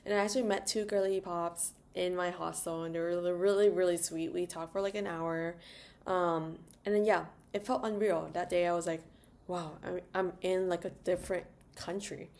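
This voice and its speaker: A young woman rambles through a storytime vlog, piling on "like" and quick asides as she goes. Her voice sits a little low for a woman. It sounds loose and conversational, like she's chatting straight to the camera. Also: fairly even intonation, a little mellow. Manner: rambling, filler-heavy, chatty; sings "la la" to herself. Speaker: travel vlogger.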